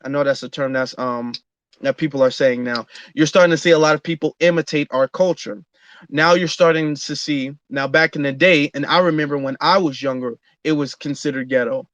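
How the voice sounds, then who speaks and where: Guy hosting an online audio room, voice on the higher side, dull lo-fi sound. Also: fairly even intonation, brisk, fairly bright tone, no echo. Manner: talks with frequent fillers and restarts, earnest. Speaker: host. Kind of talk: casual monologue.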